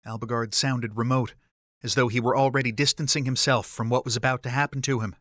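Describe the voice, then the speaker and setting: Man, audiobook narrator, steady storytelling, mid pitch, dry close mic. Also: fairly quick, dry recording. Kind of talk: scripted narration.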